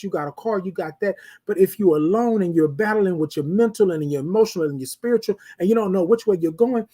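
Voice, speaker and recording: This is a husky-voiced host giving a motivational talk on a live show. The speech keeps circling back to the same phrases and reaches out to listeners with rhetorical questions. The tone is preacherly and direct, with regular nods to "ladies and gentlemen.". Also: medium pitch. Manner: repetitive, preacherly, asks the audience rhetorical questions.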